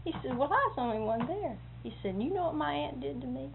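A woman with a slightly high voice tells rambling stories in a casual way. She chuckles often and acts out the lines of the people in her stories. The sound is narrow and phone-like, with a faint hiss underneath. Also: animated, fast, vocal fry. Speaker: storyteller. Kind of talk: casual anecdotal storytelling.

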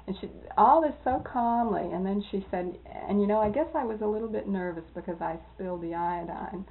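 A woman being interviewed, telling old anecdotes in a lively way that often breaks into laughter. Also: medium pitch, normal speed, gravelly, hardly any pauses, slight background noise. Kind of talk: oral history storytelling. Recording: tinny lo-fi tape, phone-like.

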